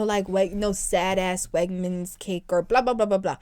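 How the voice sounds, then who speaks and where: A young woman co-hosting a podcast, telling a story in casual chat with animated, profane ranting. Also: medium pitch, moderate pace, hardly any pauses, clear, resonant tone. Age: young adult. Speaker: podcast co-host.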